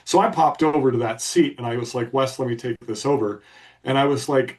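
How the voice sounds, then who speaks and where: A man's voice: mid-range voice, brisk, far from the mic. A man co-hosting a podcast, telling a story in a blunt, emphatic way. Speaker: podcast co-host. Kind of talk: casual storytelling.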